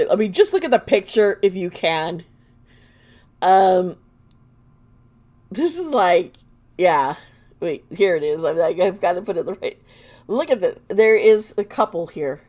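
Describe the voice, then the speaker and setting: A woman's voice: fairly low pitch, lively intonation, measured pace, pauses often, darkish tone. A woman giving live tarot readings to viewers, chatty and blunt, often laughing as she talks. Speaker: tarot reader.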